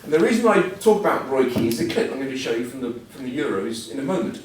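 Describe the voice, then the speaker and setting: A man's voice: mid-range voice, big pitch swings, quick pace. Middle-aged male guest speaker, anecdotal and wry, distant mic in a reverberant room with faint hum. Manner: anecdotal, self-deprecating, chatty storytelling. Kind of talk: after-dinner style motivational talk. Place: large event hall before an audience. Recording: echoey hall, voice from far off. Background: audience laughter.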